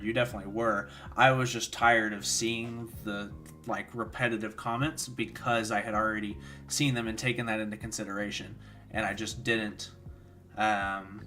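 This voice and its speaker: A man's voice: lowish voice, fairly bright tone. A tired young man streaming, rambling casually with lots of fillers while he answers chat and commentates games. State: tired, yawning. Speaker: streamer hosting a watchalong.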